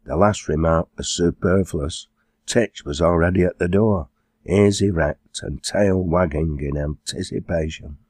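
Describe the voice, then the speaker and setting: A man reading his own audiobook in a measured storytelling manner. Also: low voice, darkish tone, no echo, clean studio sound. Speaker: author narrating own audiobook. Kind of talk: scripted narration.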